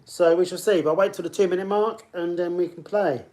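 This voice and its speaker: A man's voice: high-pitched, fairly even intonation, fairly quick, warm tone. A man hosting a live online pub quiz, chatting and greeting players by name as he reads questions. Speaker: quiz host.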